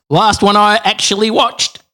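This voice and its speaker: Animated Australian man on a podcast. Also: fairly high pitch, very noisy. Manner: rambling, playful storyteller. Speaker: podcast guest. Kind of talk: casual podcast chat.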